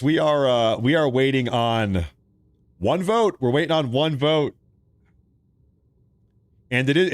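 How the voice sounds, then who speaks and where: A man's voice: medium pitch, no room sound. A man from Oregon hosting a live political stream, reading viewer chat and joking between rants. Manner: joking, animated rants, laughs often. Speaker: political livestream host.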